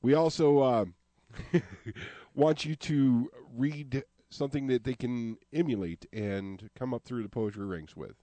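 A man's voice: mid-range voice, unhurried, dark tone, no echo. A man hosting a radio show from a studio, talking in a jokey, upbeat, plain-spoken way. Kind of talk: casual radio talk.

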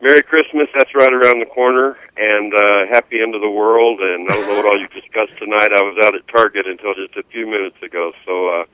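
A man's voice: lowish voice, steady tone, a little fast, few pauses, pushed and bright, no echo. A man calling in to a radio show, chatting folksily and then reading his own poem. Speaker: caller. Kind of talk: reading a poem over the phone. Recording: tinny phone line.

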